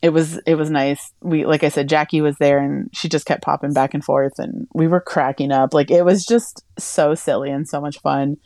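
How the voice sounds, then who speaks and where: Speaking at normal speed with hardly any pauses, a female podcast co-host chats casually and spins stories. She acts out others' quotes with big, animated pitch jumps, and the studio sound is clean with no room sound.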